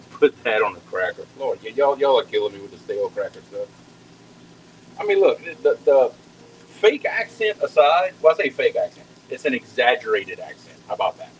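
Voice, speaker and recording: A man's voice: medium pitch, big pitch swings, normal speed, slight background noise, poor audio. A man, chatting casually with viewers while cooking at home, folksy and talkative, often repeating words as he goes. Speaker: home cook hosting a live cooking stream.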